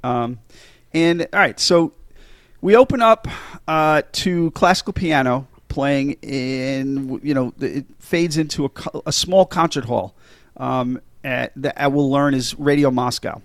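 A middle-aged man hosts a casual movie podcast, chatty and enthusiastic, full of fillers and restarts. His voice is medium in pitch and unhurried, and the recording is dry.

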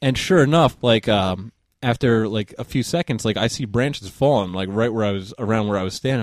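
A man's voice: fairly low pitch, brisk, hardly any pauses, no echo, studio quality. A man, a podcast guest, telling a rambling story in a casual chat, swearing freely and laughing as he goes.

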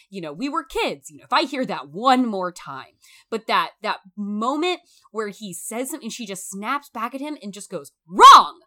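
A woman with a medium-pitched voice talks through a film in a casual, emphatic way, animated and swearing freely.

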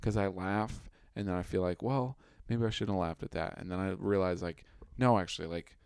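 A man's voice: sits low, fairly even intonation, fairly quick, a little mellow, smooth, dry recording, studio quality. A young man co-hosting a podcast in goofy, rambling casual chat, calling out mock film-set cues. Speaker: podcast co-host.

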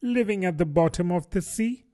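A man's voice: high-pitched, moderate pace, warm tone, pitched above the performer's own voice, close to an everyday voice. A man voicing Alice, a polite and curious young girl, in a prim, doubtful manner.

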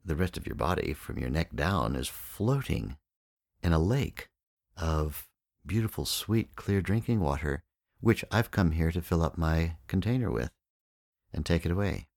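A man voicing a calm, kindly wandering yogi who speaks with gentle patience. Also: deep voice, unhurried, vocal fry, heavily acted. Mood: patient.

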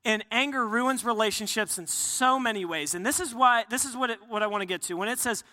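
A man's voice: sits high, a little fast, sharp tone, long reverb tail. A man preaching a sermon earnestly, often restarting phrases and acting out quotes. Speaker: pastor.

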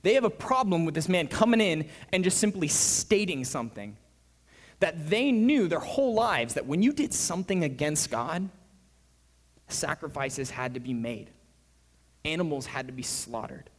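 A man preaching a sermon as pastor, animated, his voice swinging between hushed and loud. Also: on the high side, normal speed. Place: church. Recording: reverberant church hall.

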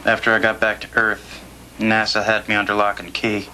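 An actor playing an adult male astronaut hero with a flat, matter-of-fact delivery. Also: lowish voice, fairly quick, background noise, natural voice. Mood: deadpan. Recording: TV clip with loud music underneath. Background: loud music.

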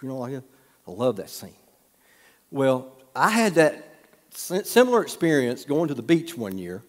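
A man preaching a sermon, telling folksy stories with humorous asides and dropping to a soft hush at times. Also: medium pitch, very animated, moderate pace. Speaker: pastor. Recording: long hall reverb.

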